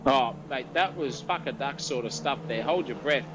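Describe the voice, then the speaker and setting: Against a noisy background, a male race commentator with an Australian accent and a mid-range voice calls a sim race at normal speed. As the battle heats up, he turns breathless and colloquial, shouting over the action in excitable commentary.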